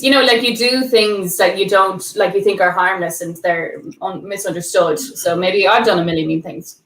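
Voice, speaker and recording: A woman's voice: mid-range voice, steady tone, fairly quick, few pauses, fairly bright tone. Young woman, co-host, chatty rambling storyteller, sounds distant and roomy. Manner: rambling, lots of fillers and swearing. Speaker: podcast co-host. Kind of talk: casual chat, storytelling.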